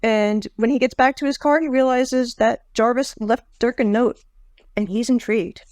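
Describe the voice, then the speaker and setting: A woman's voice: a little high, steady tone, moderate pace, a little mellow, no room sound, clean studio sound. A middle-aged woman co-hosting a podcast, chatting casually about a book with wry jokes. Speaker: podcast co-host. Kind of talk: casual book-discussion chat.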